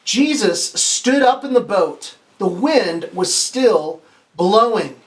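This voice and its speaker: A man with a high-pitched voice reads slowly from a children's picture book while hosting story time as a pastor. He keeps it lively and fun, asks the children questions, has them say lines back, and sometimes fumbles and begins again.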